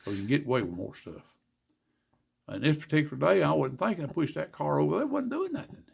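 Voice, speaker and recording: An older man, a guest telling racing stories in a folksy, animated way, acting out the dialogue. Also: a little high, quick pace. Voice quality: gravelly, husky. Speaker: guest, former racer and car builder. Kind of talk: casual storytelling interview.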